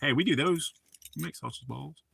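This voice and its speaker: A man's voice: on the high side, moderate pace, vocal fry, a bit bright, husky. A man with a Southern US accent, talking in a loose, casual chat with frequent swearing and laughs, a dip in his mouth. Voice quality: drawl, mouth full of dip. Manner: laid-back, swearing, laughs often. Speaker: streamer.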